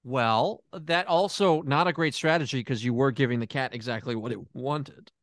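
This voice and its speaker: A man improvising as a therapist in a comedy role-play, talking in a deadpan way. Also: normal speed, no echo, studio quality. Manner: deadpan, drops to a low mumbling voice as a put-on persona.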